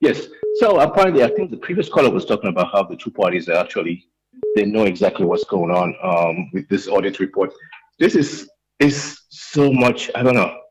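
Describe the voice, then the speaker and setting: A man with a Sierra Leonean accent calling into a radio show, talking in an agitated, emotional way with many halting restarts. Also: on the low side, big pitch swings, rough recording. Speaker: radio call-in caller. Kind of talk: impassioned call-in rant.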